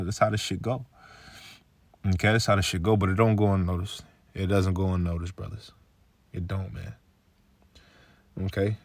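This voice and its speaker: A man's voice: low-pitched, darkish tone, no room sound. A man giving a casual spoken religious testimony, laid-back and peppering his talk with "man" and "okay". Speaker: religious video maker.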